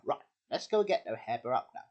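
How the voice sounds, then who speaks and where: A man's voice: medium pitch, sing-song, fast, darkish tone, lo-fi sound. Rambling man hosting a homemade show. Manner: rambling, many restarts and slips. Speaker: host of a homemade puppet show. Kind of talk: casual chat.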